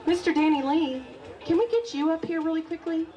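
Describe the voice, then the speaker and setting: A woman's voice: very high-pitched, brisk, mellow, dull audio, soft background music, some chatter behind. A woman emceeing a live eating contest on a handheld mic, bubbly and joking as she chats with contestants. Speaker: event emcee. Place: busy restaurant event.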